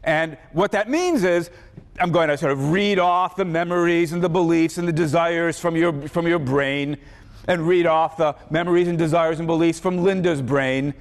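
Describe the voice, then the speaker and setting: A man voicing an evil adult male mad scientist who explains his scheme slowly, in an echoey lecture hall. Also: on the high side, natural voice. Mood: explaining.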